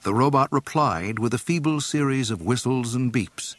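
A man reading a story aloud in an expressive, dramatic narration. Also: mid-range voice, moderate pace, no room sound. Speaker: audiobook reader.

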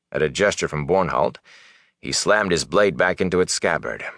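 A man narrating a fantasy novel in an expressive, dramatic way. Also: low voice, normal speed, dry recording, studio quality. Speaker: audiobook narrator.

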